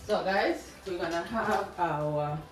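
A low-voiced woman talks through her morning in a loose, rambling vlog, circling back over her own words. Her voice rings in an echoey home kitchen. Faint music plays behind her. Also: slow. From Kenya. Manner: chatty, rambling, repeats herself. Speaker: vlogger. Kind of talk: casual vlog chat. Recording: echoey room.

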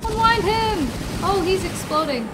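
Very high-voiced excitable woman gamer. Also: unhurried, very noisy. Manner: excitable, squealing and shrieking reactions. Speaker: gaming YouTuber. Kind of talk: excited gameplay commentary. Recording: game music playing behind.

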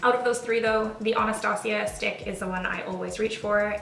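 A woman's voice: medium pitch, a little slow, gravelly, few pauses, a bit bright. A woman chatting casually through a makeup tutorial, friendly and self-deprecating. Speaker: beauty vlogger. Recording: roomy, distant mic, faint music.

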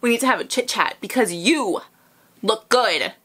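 A young woman hosting a music video reaction, gushing and squealing with excitement as she watches. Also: on the high side, normal speed. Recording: music playing loudly behind. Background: music video playing.

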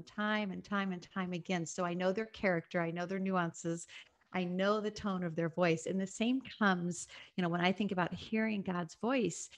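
A middle-aged woman co-hosting a Bible talk, reading scripture and sharing calmly. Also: mid-range voice. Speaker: co-host.

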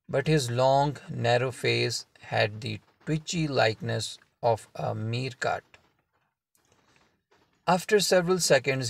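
A man narrates a novel at an unhurried pace, his voice carrying a gravelly edge. He reads in a measured way and lets the pauses sit. The sound is close and dry, with no room around it. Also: medium pitch, no room sound. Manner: slow, measured reading with deliberate pauses. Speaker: audiobook narrator. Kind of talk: scripted audiobook narration.

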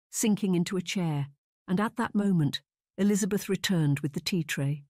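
A woman narrating a historical romance audiobook in a measured, unhurried reading. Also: on the low side, darkish tone, no echo, studio quality. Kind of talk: scripted narration.

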